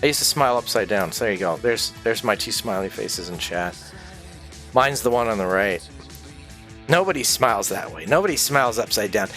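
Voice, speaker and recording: A man's voice: lowish voice, animated, a little fast, pushed and bright, soft background music. A man hosting a stream, chatting casually in a rambling, sweary way and laughing often. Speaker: streamer host. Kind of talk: casual chat.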